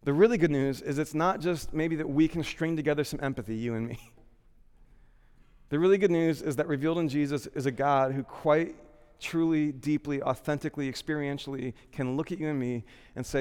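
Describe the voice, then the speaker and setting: A man preaching a sermon in an earnest, conversational way, sometimes dropping to a hush for emphasis. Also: fairly high pitch, a little fast, smooth, in a large hall. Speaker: pastor.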